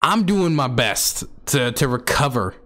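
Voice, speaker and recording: A male streamer tells a story to his audience in a loose, rambling way. He sounds candid and exasperated, and his speech is full of fillers and restarts. His voice sits at a middle pitch. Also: big pitch swings, a little slow, a bit bright.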